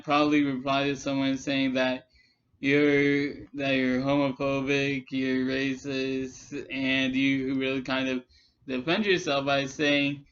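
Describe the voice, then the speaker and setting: A man giving a rambling, exasperated response rant in a vlog, with many halting restarts. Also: medium pitch, a bit bright, muffled recording. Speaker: commentary vlogger.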